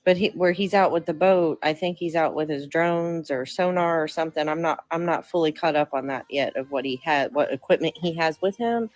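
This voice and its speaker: A woman with a low voice hosts a casual livestream chat, rambling and trailing off between thoughts. Her voice sounds dry and close, with no room around it. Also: fairly quick, few pauses, a little mellow, dry recording, low-quality recording. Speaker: livestream host.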